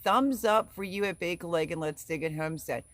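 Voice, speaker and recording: A woman's voice: lowish voice, brisk, a bit bright, slight background noise. Middle-aged woman, livestream host, chatty, giggly, reading chat aloud. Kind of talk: casual live chat.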